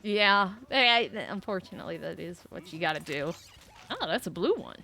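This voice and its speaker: A woman streaming a video game, chatting casually with viewers and telling rambling, animated stories with bursts of swearing. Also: on the low side, moderate pace, creaky, soft background music. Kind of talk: casual gameplay chat.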